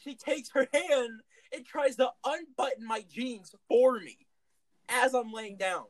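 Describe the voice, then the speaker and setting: A man telling a funny story in a casual comedy podcast, animated, swearing and laughing as he goes. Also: extremely high pitch, unhurried, rough recording.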